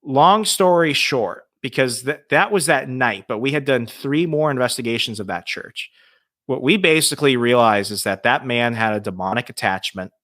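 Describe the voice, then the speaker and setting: A man telling a ghost story as a podcast guest, lively and swearing freely. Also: mid-range voice, moderate pace. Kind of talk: casual storytelling.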